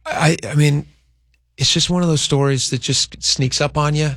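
Gravelly man in casual news chat. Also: a little high, fairly even intonation, a bit bright, dry recording, studio quality. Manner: conversational, thinks aloud, reads a statement aloud slowly.

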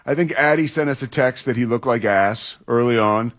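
A man co-hosting a sports radio show, talking in halting bursts with many restarts and chuckles. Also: medium pitch, fairly bright tone.

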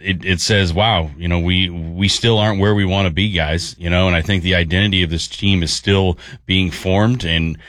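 A man co-hosting a sports radio show, talking in a relaxed way and thinking aloud. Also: low-pitched, normal speed, few pauses, dry recording. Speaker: radio co-host and analyst. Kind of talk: casual sports radio talk.

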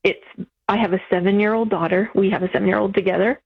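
A woman's voice: medium pitch, fairly even intonation, quick pace, gravelly, breathy edge. A woman calling in to a radio advice show, explaining her situation earnestly and at length, with many restarts. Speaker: caller. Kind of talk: phone-in conversation. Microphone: telephone. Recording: tinny phone line.

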